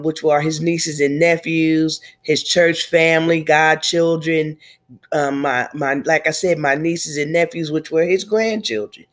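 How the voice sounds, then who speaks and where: A woman in her fifties, slightly nasal from a cold, speaking haltingly through grief in a personal video diary. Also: low-pitched. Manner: tearful, halting, reflective. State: congested from a cold. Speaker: vlogger.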